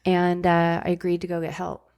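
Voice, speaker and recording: Middle-aged woman, podcast guest, low-ish flat delivery, blunt and candid, casual swearing. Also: moderate pace, smooth. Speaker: podcast guest, former ER nurse. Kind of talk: candid conversational storytelling.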